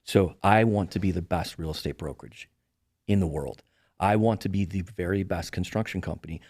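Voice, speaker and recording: A man's voice: low voice, a little fast, no echo, clean studio sound. A middle-aged man, a podcast guest, telling stories in a casual chat and acting out the people he quotes. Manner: animated storyteller, acts out quoted voices. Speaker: podcast guest, real estate broker.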